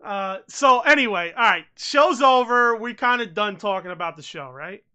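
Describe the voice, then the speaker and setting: A man co-hosting a casual podcast, rambling and excitable, swearing freely and saying bro a lot. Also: high-pitched, normal speed, clear, resonant tone. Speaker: podcast co-host. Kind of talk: casual chat.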